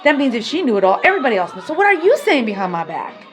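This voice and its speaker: A woman vlogger with a high, very animated voice talks rapid-fire over background music. Her emotional rant is confrontational and full of swearing, its intensity surging and falling as she vents.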